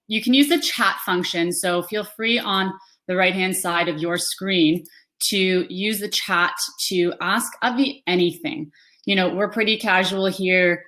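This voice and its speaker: A woman hosting an online workshop, welcoming viewers in a relaxed, casual way. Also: fairly low pitch. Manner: relaxed, friendly, with "uh" and "um". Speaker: webinar host. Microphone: online video call.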